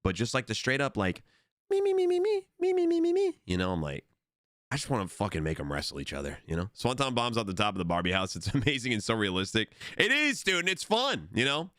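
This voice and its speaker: A man's voice: fairly low pitch, big pitch swings, quick pace, sharp tone, no echo, clean studio sound. A young man live-streaming, chatting casually and rambling with lots of swearing while reading out his chat. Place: home streaming setup. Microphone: desk microphone.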